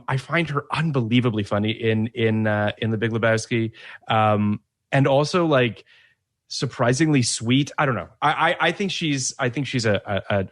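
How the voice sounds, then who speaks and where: A man's voice: mid-range voice, fairly bright tone. Male film podcast host; chatty, easygoing, laughs along with guests. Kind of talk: casual film chat.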